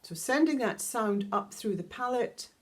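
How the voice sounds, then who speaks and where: A woman teaching a guided vocal toning lesson, calmly explaining each step and singing long vowel tones. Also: fairly high pitch, measured pace. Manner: calm, instructive, demonstrates sustained vowel tones. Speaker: sound healing teacher.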